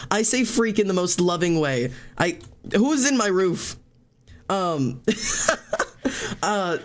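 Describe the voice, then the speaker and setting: A young man streaming a game, exclaiming often and talking in an emotional, tearful, laughing way. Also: high-pitched.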